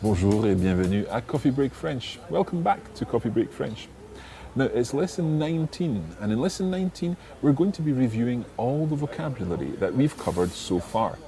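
A man teaching a podcast language lesson, patiently repeating each phrase slowly for learners. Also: medium pitch, lively intonation, warm tone.

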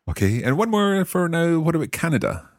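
A man hosting a language lesson podcast, asking questions and slowly repeating practice phrases after the teacher. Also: fairly high pitch, big pitch swings, no echo, studio quality. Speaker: podcast host learning Mandarin.

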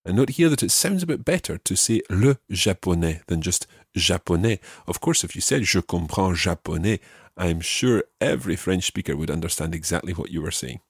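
A man teaching a podcast language lesson, patiently repeating each phrase slowly for learners. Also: deep voice, animated, slightly rough, no room sound, studio quality.

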